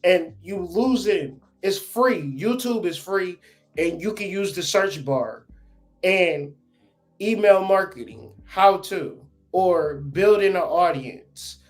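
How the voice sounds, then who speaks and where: A man in casual podcast chat, blunt and profane, telling lively stories as the guest. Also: high-pitched, takes it slowly, faint music behind. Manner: blunt, profane, animated storytelling.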